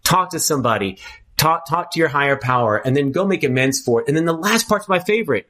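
A man's voice: fairly high pitch, lively intonation, quick pace, fairly bright tone. A man speaking candidly at a twelve-step recovery meeting, earnest and emphatic, often restarting his phrases.

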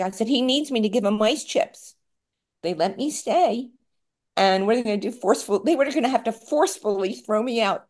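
A woman's voice: a little high, a little mellow. Middle-aged woman speaking at a recovery meeting; candid, rambling, self-mocking, near tears at times. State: tearful at times. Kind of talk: personal share at a support meeting.

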